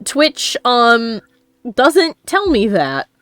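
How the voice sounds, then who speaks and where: A woman hosting a casual chat on her stream, talking quickly with frequent laughs and asides. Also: a little high, wildly swooping pitch, a bit bright. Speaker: streamer host.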